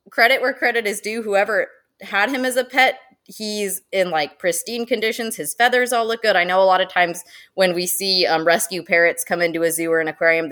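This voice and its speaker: A woman who manages zoo education, guesting on a podcast, talking in a lively way and laughing often. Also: mid-range voice. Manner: animated and chatty, laughs often, uses many fillers. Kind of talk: casual podcast interview.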